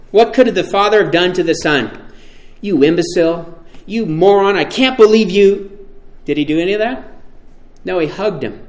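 Male preacher, slightly high voice, animated and emphatic, sermon delivery. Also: reverberant. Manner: animated, emphatic, with rhetorical questions.

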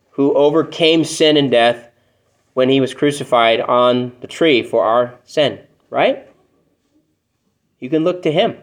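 A man preaching a sermon to a room of people, talking to them plainly and often asking them rhetorical questions. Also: mid-range voice. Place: church room with congregation.

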